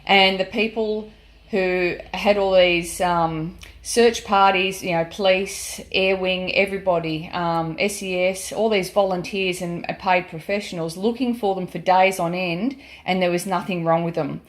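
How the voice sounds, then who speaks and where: A woman's voice: lowish voice, steady tone, unhurried. An Australian woman vlogger chatting casually and emphatically through a product demonstration, with many ums. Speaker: gold prospecting vlogger.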